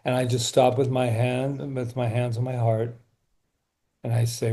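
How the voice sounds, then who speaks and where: A man speaking as an interview guest who leads workshops, talking reflectively and earnestly, often slowing down and going quiet. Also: mid-range voice, level tone.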